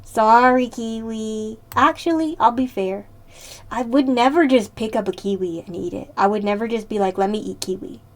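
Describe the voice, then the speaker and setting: Woman streamer, casual and playful, talks straight to chat, voice sits a bit high. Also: normal speed. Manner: chatty and playful, answers chat, laughs often. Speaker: live streamer.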